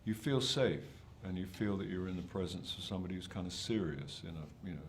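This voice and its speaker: Low-voiced older actor, self-deprecating. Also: male voice, brisk, a little hiss or hum. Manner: hesitant, self-deprecating, many restarts. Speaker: actor being interviewed. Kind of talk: press junket interview.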